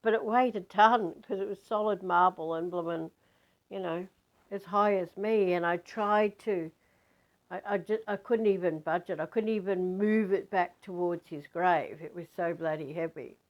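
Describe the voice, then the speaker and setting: Woman, low-pitched, chatty, rambling, spiritual story monologue, muffled audio. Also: normal speed. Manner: rambling, chatty, many fillers and restarts.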